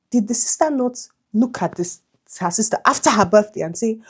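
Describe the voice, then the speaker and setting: Animated woman telling a storytime. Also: a little high, normal speed, husky. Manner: animated, exclamatory, slangy commentary; doing makeup while talking. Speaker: beauty vlogger. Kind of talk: chatty storytime retelling.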